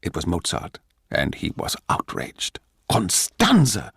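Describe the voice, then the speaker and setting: A man with a low voice narrates in a measured, urbane way, his delivery swinging widely between lines. It is a scripted, theatrical dramatic reading, close and dry. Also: big pitch swings, creaky, dry recording.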